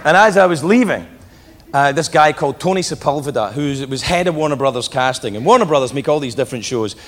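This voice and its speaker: A male stand-up comedian telling stories on stage to a live audience, profane, animated and self-mocking. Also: on the high side, quick pace, slight background noise. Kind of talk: stand-up storytelling. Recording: reverberant hall with loud crowd laughter.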